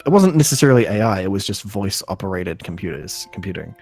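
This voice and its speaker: A man recapping an episode on a casual podcast, halting, full of ums and restarts, laughing often. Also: sits low, big pitch swings, darkish tone, slightly rough, no echo, soft background music. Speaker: podcast host.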